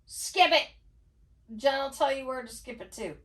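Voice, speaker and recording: A woman co-hosting a casual book club podcast, talking emphatically and chiming in with quick agreement. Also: sits high, far from the mic. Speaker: podcast co-host.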